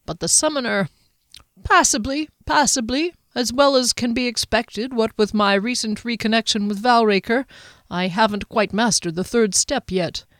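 A woman's voice: a little high, normal speed, a bit bright, no room sound, studio quality, voice pushed up, lightly acted. A woman voicing a snappish proud male mage. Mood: airy. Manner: snappish, fussy.

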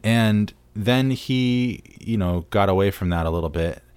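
A man with a very low voice chats about films on a podcast. He rambles eagerly and piles on fillers. The sound is close and dry. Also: unhurried, darkish tone, smooth, dry recording. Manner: rambling, eager, full of "like" and "you know". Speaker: podcast co-host. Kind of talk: casual movie chat.

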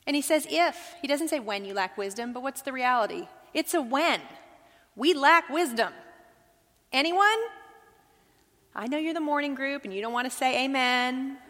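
A woman's voice: high-pitched, lively intonation, moderate pace, fairly bright tone. A woman teaching a Bible study to a group, earnest, asking them questions as she goes. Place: large hall with a group. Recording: long hall reverb.

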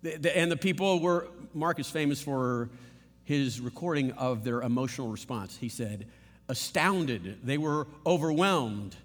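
A male pastor delivering a sermon in an animated, conversational way, full of rhetorical questions. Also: mid-range voice, normal speed. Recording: long reverb of a large hall.

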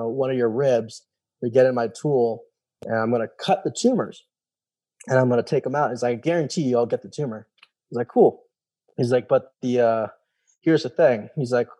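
Mellow-voiced young man telling a story. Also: medium pitch, dry recording. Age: young adult. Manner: loose, rambling, retells dialogue with "he's like". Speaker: guest telling his story. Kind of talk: casual storytelling.

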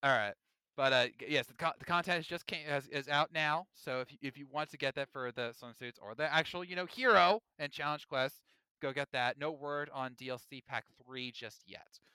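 A man co-hosting a podcast, chatting casually with lots of fillers and restarts, getting animated as he talks. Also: on the high side, fairly quick, smooth, no room sound. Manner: rambling, filler-heavy, animated. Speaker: podcast co-host. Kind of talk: casual chat.

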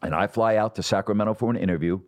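A middle-aged man tells stories from his broadcasting career in a fairly low voice. He talks with animation and slips into the voices of people he quotes. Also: rapid-fire. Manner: animated storyteller, acts out quotes. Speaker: guest, sports broadcaster. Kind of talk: storytelling in a podcast interview.

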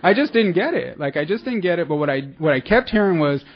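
Here the recovery-meeting speaker, a man from the San Francisco Bay Area, sounds a little high and swings widely in pitch as he talks fast. His testimony rambles, mocks himself, and keeps restarting, all captured on dull-sounding audio.

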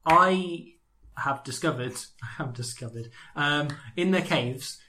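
A man's voice: fairly high pitch, slow pace, sharp tone, a little hiss or hum. A man from Wales hosting a casual comedy chat, playful and giggly, slipping into mock accents. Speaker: podcast host.

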